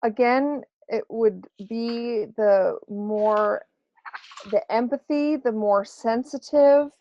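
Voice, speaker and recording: A woman's voice: fairly high pitch, takes it slowly, dark tone, no echo. A woman who works as a psychic medium, answering questions in a casual interview, hesitant and full of fillers. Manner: hesitant, many fillers and restarts. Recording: dry, dull lo-fi sound.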